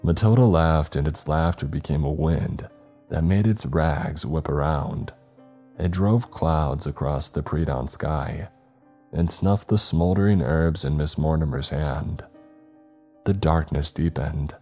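A male horror storyteller with an extremely deep, dark, mellow voice. He reads in a measured, dramatic way. Soft music runs faintly underneath. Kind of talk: scripted horror narration.

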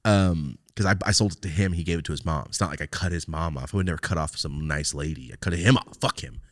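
A man hosting a podcast, telling a story in a profane, animated way and acting out both sides of the exchange. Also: extremely low pitch, fast, no echo, clean studio sound. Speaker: podcast host. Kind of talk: casual storytelling chat.

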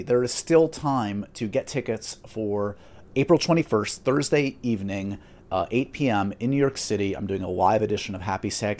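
A fairly low-voiced man hosting a podcast. He talks in a loose, chatty way, stumbling over words and restarting sentences, and jokes about himself. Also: darkish tone. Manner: chatty, self-deprecating, many fillers and restarts. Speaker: podcast host. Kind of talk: casual podcast chat.

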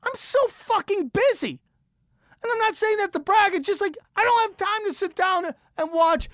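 A middle-aged man rants through a comic story on his podcast. His voice keeps leaping up in disbelief and dropping low, with plenty of swearing. The sound is close and dry, with no room around it. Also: moderate pace, no echo. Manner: animated, swearing, incredulous, jumps between high and low pitch. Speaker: podcast host. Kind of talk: comedic storytelling rant.

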